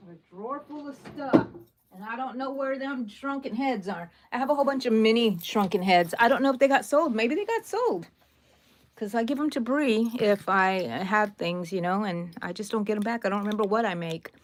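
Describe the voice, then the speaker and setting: A woman's voice: fairly high pitch, animated, moderate pace, a little hiss or hum. A middle-aged woman, hosting a casual crochet livestream, counting stitches and chatting with viewers by name. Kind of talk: casual livestream tutorial chat.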